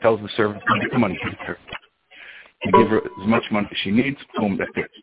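Casual male storyteller, lowish voice, chatty asides, lo-fi sound. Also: fairly even intonation, fast, loud music behind the voice. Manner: chatty, with fillers and asides to listeners.

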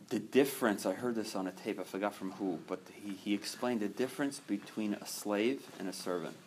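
A man with a somewhat low voice shares a personal testimony at a recovery group meeting. He speaks with passion, dropping to a hush and then rising loud, and acts out his own inner voices between many fillers. A faint hiss sits under his voice.

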